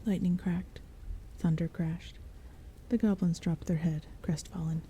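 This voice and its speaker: A woman reading a novel aloud as a soft-spoken bedtime story, in a soft, breathy half-whisper. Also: lowish voice, fairly even intonation, unhurried, a little hiss or hum, rough recording. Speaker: audiobook reader. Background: soft rain and thunder.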